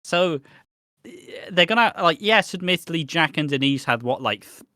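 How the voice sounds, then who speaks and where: A man's voice: fairly high pitch, expressive, moderate pace, sharp tone, dry recording, clean studio sound. A man co-hosting a podcast, rambling through a soap recap and swearing freely. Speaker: podcast co-host. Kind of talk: casual chat recapping a soap.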